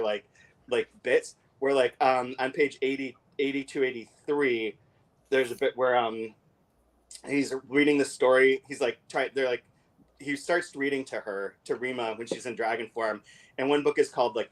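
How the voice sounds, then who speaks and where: A man in casual book-club talk, his pitch sitting right in the middle for a man. He leans on fillers and restarts and speeds up when he reads passages aloud. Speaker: podcast co-host.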